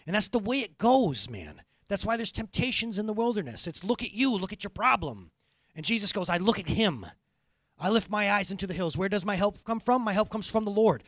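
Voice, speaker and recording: A man's voice: high voice, animated, a little fast, a bit bright, no room sound. A middle-aged man preaching a sermon as pastor, earnest and conversational, building to impassioned.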